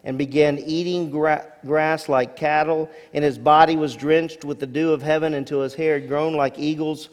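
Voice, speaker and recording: A man's voice: a little high, normal speed, hardly any pauses. A male pastor delivering a sermon, reading scripture aloud with rising emphasis and casual asides to the congregation. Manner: expressive preacher, rising emphasis on key words, asides to congregation. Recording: long hall reverb.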